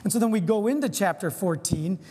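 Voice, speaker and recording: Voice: mid-range voice, lively intonation, a little fast, mellow, husky. A preacher giving an informal, earnest sermon, with frequent casual asides. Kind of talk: conversational sermon. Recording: long hall reverb.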